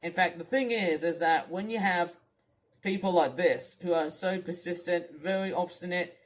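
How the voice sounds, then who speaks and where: High pitched guy ranting about a streamer, yells, then rambles and trips over his words a lot. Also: moderate pace. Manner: rambling, repeats himself, restarts sentences; shouts scolding lines. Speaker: commentary ranter. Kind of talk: angry rant over stream footage.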